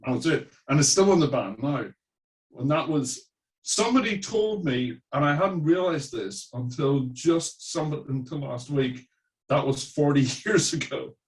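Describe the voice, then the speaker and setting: A man's voice: on the high side, unhurried, recorded from a distance, rough recording. Middle-aged irish guy, mid-atlantic accent, rambling stories, sounds a bit off-mic. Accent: mid-Atlantic with Irish traces. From Ireland. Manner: chatty anecdotal storyteller. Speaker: musician guest. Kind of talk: casual interview storytelling.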